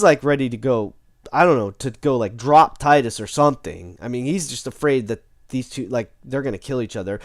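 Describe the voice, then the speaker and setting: A man recaps a tabletop game session in a casual, rambling way. He keeps restarting and correcting himself. His pitch swings widely, and the sound is dry and close. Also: no echo.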